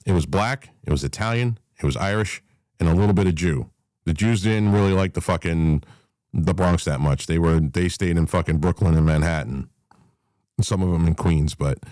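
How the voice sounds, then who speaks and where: A man's voice: fairly low pitch, a little mellow, dry recording. A man hosting a live talk room, ranting in an angry, profane, emphatic way and repeating himself as he drives his points home. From New York, USA. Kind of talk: heated live chat rant.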